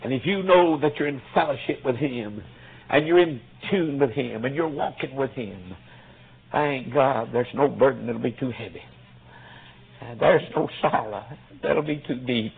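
A man's voice: mid-range voice, a little slow, gravelly, breathy edge. A male preacher telling a folksy story in a sermon, his voice swelling with emotion at times. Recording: tinny phone-like lo-fi recording.

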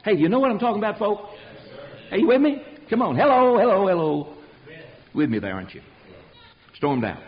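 A man's voice: high voice, wildly swooping pitch, a little fast, long pauses, muffled recording. A man preaching a fiery sermon, emphatic and rhetorical, calling out questions to his congregation.

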